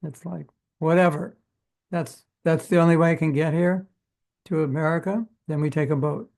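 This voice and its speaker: Gravelly older man teaching a spiritual class. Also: on the high side, fairly even intonation, moderate pace, a little mellow. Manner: conversational, acts out imagined dialogue, asks the audience questions. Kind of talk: informal sermon. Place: class at a community temple.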